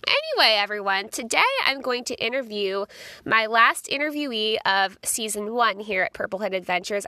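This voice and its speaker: A woman's voice: fairly high pitch, bright, forceful tone, no echo. A young woman hosting her podcast in a chatty, rambling way, with lots of "like". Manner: chatty, rambling, says "like" a lot. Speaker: podcast host. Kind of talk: casual podcast monologue.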